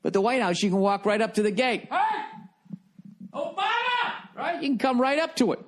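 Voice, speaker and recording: A man's voice: high-pitched, fast talker. A man hosting a comedy podcast, ranting in a profane, rambling monologue. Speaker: podcast host.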